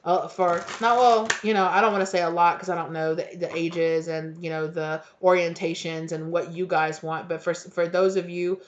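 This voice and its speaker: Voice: mid-range voice, level tone, normal speed, few pauses, a little hiss or hum. A tarot reader talks through a casual reading in a mid-range voice that is heartfelt and rambling, full of fillers and the odd swear. The sound is dull and lo-fi.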